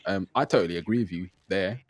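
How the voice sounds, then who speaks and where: Lower-voiced guy on a gaming podcast, relaxed and chatty, dry close sound. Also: fast talker, no echo. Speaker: game podcast co-host. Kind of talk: casual chat, game review discussion.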